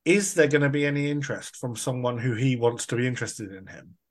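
A man's voice: medium pitch, quick pace. A man on a football podcast, thinking aloud and restarting his sentences. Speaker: podcast panelist. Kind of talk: casual football chat.

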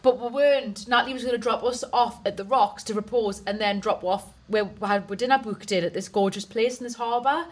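A woman's voice: fairly high pitch, brisk, few pauses. A woman co-hosting a comedy podcast, telling a long giggly anecdote in casual chat.

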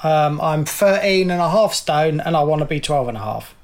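Chatty middle-aged man with a high voice. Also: animated, normal speed, a little mellow. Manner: chatty, laughs often, rambling. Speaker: podcast co-host. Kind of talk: casual chat.

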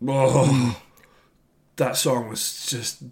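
A man in his thirties co-hosts a podcast, speaking in a lowish voice at a moderate pace during a casual album review chat. He grumbles through animated rants about an album he disliked and swears freely.

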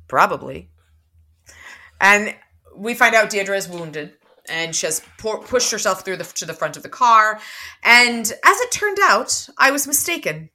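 A woman's voice: lowish voice, pushed and bright. A woman co-hosting a book podcast, recapping the plot and reading dialogue passages aloud with light shifts between characters. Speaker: podcast co-host.

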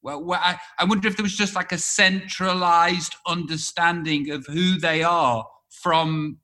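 On-man, podcast co-host, hesitant, dry wit, slightly high bright voice. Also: fairly even intonation, measured pace. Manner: rambling, hesitant, dry humor. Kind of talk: casual chat.

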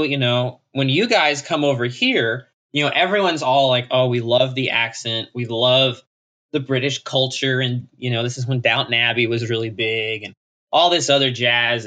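Guy from texas telling a goofy story, bright punchy voice. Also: medium pitch. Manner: animated, self-mocking storyteller. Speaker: podcast guest. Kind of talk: casual chat.

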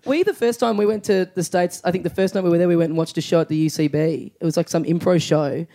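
Aussie guy with a pretty high voice, wry and blunt, teasing his mates. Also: fast talker, vocal fry, mellow. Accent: Australian. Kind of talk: casual chat.

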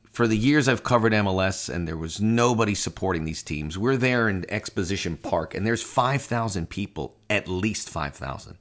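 A man hosting a soccer podcast, telling a heartfelt personal story with animated quoted dialogue. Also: lowish voice. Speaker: podcast host.

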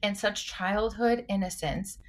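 A woman's voice: medium pitch, steady tone, a little slow. A woman co-hosting a podcast as a clinician, chatting casually and retelling scenes with emotion. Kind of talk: casual chat.

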